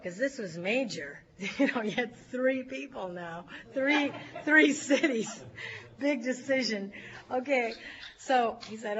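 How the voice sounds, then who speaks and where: A woman with a high, bright voice tells a story to a group, animated and quick to laugh. Her voice comes through a dull, lo-fi recording. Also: a little hiss or hum. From California. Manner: lively, laughs often, acts out shouting crowds. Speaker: speaker sharing a recovery story.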